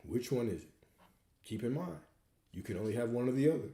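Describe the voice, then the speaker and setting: A man's voice: medium pitch, expressive, a little fast, warm tone, echoey room. A man hosting a livestream Q&A, coaching viewers and hammering points home with repeated rhetorical questions. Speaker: host answering viewer questions.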